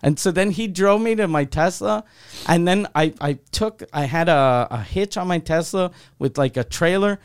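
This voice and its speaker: A man's voice: high-pitched, normal speed, clear, resonant tone. A man hosting a podcast, telling a long dream story in casual chat, rambling and swearing freely. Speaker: podcast host.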